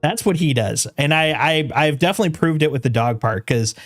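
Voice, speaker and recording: A man's voice: on the high side, expressive, brisk, soft background music. A man chatting casually on his game livestream. He rambles with restarts and laughs, and coos at his dog in doting baby talk. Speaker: game streamer.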